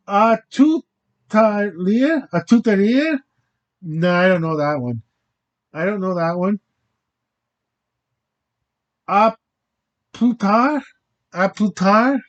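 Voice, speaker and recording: A man's voice: sits high, muffled recording. A man hosting his own channel in a rambling, hesitant casual monologue, often stopping short and fumbling over foreign words. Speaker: channel host.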